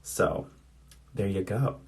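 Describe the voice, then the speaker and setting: A man in his thirties chatting casually on a phone livestream, reading out viewer comments while doing his makeup. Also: slow. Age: 30s. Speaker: drag performer.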